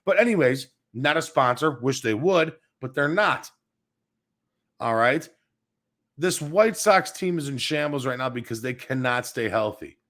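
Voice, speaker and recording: A man's voice: mid-range voice, lively intonation, measured pace, a bit bright. A man hosting a sports show, ranting bluntly and crudely with plenty of cursing, smoking as he talks. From Chicago area. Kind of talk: profane sports rant. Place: home studio, smoking while talking.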